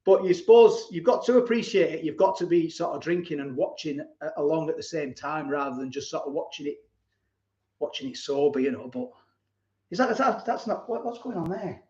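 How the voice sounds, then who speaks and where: Warm-toned, a little high and brisk, this man laughs a lot while reminiscing on his casual live stream and reading viewer comments out loud. The recording has roomy, somewhat dull live-stream audio.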